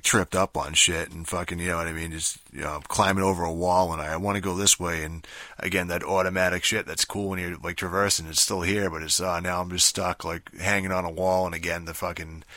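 A man giving a casual, rambling spoken review of a video game, swearing often and filling pauses with um and you know. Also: low-pitched, bright, forceful tone, no room sound. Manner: rambling, profane, many fillers and restarts.

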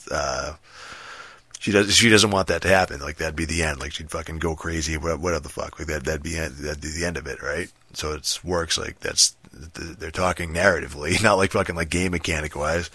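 A gaming commentator with a low, bright voice rants casually about a video game in a forceful tone. He's profane and rambling, full of fillers and restarts, and the recording has no room sound.

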